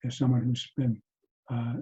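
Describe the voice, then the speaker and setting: Soft-spoken halting man on a video call. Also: medium pitch, level tone. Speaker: mindfulness teacher. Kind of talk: reflective talk to an online group. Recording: dull lo-fi video call audio.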